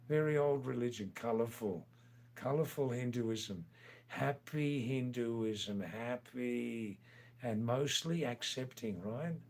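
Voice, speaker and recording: An older man chats slowly and unhurriedly on a live stream. He reads viewer comments aloud and answers them with playful, teasing remarks, his voice sitting at an ordinary middle pitch. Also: gravelly, a little hiss or hum. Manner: slow, playful, teasing asides. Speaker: livestream host.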